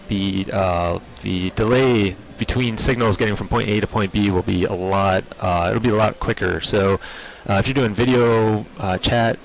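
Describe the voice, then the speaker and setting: A man speaking for an industry group, explaining technology trends in a measured way with many filler words. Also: on the low side, rough recording. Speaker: industry spokesperson. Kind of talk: on-site interview.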